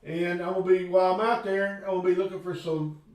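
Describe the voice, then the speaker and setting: A man's voice: high-pitched, flat delivery, quick pace, a little mellow. A man with a Texan accent, chiming in on a casual live stream in a laid-back way. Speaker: paranormal investigator co-host. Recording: very echoey, distant from the mic.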